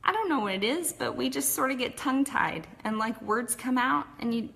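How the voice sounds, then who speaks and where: Bright-voiced chatty Texan woman. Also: on the high side, expressive, brisk, gravelly, slight background noise. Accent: Texas. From Texas, USA. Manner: chatty and candid, with frequent "like" and "um". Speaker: personal storyteller. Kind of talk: casual personal story talk.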